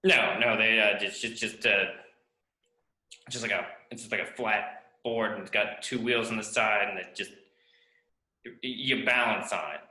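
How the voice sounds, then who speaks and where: A man's voice: lowish voice, fairly even intonation, normal speed, long pauses, sharp tone. A man playing a weary time traveler from the future in a comedy sketch, fumbling and exasperated as he explains. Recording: roomy echo.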